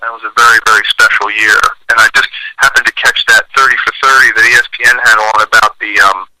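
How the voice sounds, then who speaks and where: A man's voice: on the low side, fairly even intonation, fast talker, pushed and bright, a little hiss or hum, poor audio. A man in his forties, a former football lineman, telling chatty stories in an interview with many fillers. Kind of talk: casual storytelling interview.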